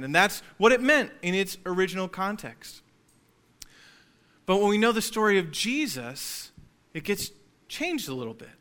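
A man's voice: sits high, pushed and bright. A man preaching a sermon in a conversational way, joking now and then with his congregation. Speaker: pastor.

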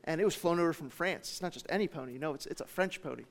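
A man voicing a smug, bragging rich little girl who chatters on in quick run-on boasts. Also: a little high, natural voice.

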